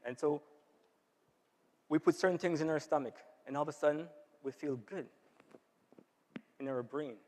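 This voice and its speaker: A man's voice: a little high, normal speed, long pauses, darkish tone, a little hiss or hum. A man giving an informal health talk to a church audience, often checking in with them by asking "right?". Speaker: health seminar speaker. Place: church hall. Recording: long hall reverb.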